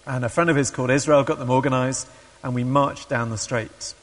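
Male preacher, mid pitch, halting delivery full of ums, long hall reverb. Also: steady tone. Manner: hesitant with many ums, acts out quoted voices. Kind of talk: sermon with read-aloud story.

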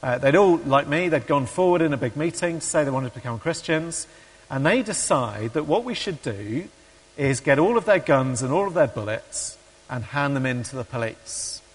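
A man's voice: on the high side, lively intonation, normal speed, husky. A man giving a sermon, hesitant with many ums, who reads a story aloud and acts out the quoted voices. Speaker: preacher. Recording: long hall reverb.

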